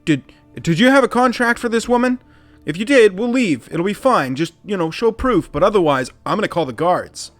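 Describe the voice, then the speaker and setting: A man voicing a stern male town guard leader, loud and demanding. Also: high-pitched, lively intonation, moderate pace, faint music behind, pitched above the performer's own voice.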